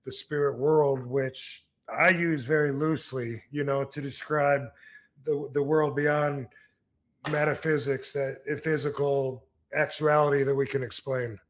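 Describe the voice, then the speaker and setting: This podcast host, a Michigan man in his fifties, spins casual stories full of fillers and false starts. He speaks in a mid-range voice at a measured pace, keeping his intonation fairly even.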